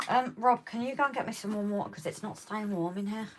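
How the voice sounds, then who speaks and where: A woman's voice: mid-range voice, fast talker, a little hiss or hum. A woman co-hosting a casual home live stream, chatty and teasing, often laughing. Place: home hobby room.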